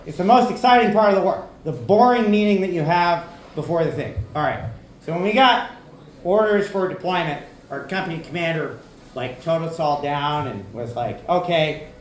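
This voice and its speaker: Profane stand-up comic in an echoey club. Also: male voice, a little high, slight background noise. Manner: conversational, profane, keeps asking "right?". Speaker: stand-up comedian. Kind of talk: stand-up set. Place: comedy club.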